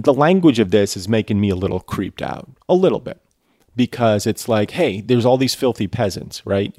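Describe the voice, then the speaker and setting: Guy with a gravelly lowish voice reading a book out loud and snarking at it, dry close sound. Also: no room sound. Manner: sarcastic, irreverent asides. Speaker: reader and commentator. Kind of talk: reading a novel aloud with commentary.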